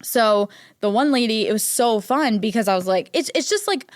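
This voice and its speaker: A woman's voice: a little high, lively intonation, moderate pace, no echo. Young woman, podcast host, casual rambling chat, lots of fillers, dry close mic. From Ohio, United States. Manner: chatty, filler-heavy, self-deprecating.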